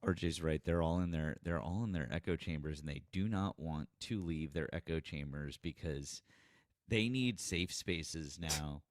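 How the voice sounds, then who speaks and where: A man from the Boston area, guest co-host on a casual livestream, joking and mocking with an expressive delivery. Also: rumbling low, a little slow, dry recording, studio quality.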